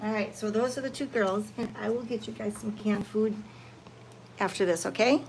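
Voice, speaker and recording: A woman live-streaming from a cat sanctuary, chatting casually with viewers and cooing softly at the cats. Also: medium pitch, fairly even intonation, normal speed, vocal fry, background noise. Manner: soft-spoken, cooing baby talk to cats. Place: indoor cat room at a sanctuary.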